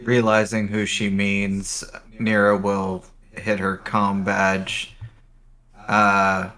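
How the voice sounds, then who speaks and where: Bright-toned male player. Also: on the low side, completely flat delivery, extremely slow. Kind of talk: narrating a tabletop game.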